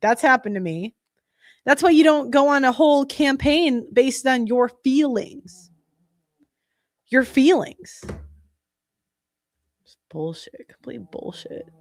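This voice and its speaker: A woman's voice: sits high, lively intonation, takes it slowly, long pauses, no echo. A young woman hosting a livestream, talking casually, bluntly and with heat, swearing often and restarting her sentences. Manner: heated, blunt and profane, with frequent restarts. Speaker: livestream host.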